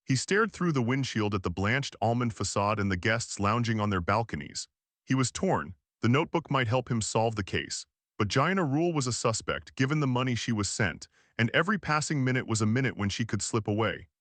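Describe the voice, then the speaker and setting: Calm male audiobook narrator. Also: mid-range voice, a little fast, no echo.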